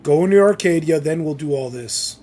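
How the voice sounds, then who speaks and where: A man doing casual live commentary while he plays a game. His voice sits a bit high, and he keeps up a loose, chatty flow, tossing in "man" now and then. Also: a little fast, warm tone. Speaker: streamer.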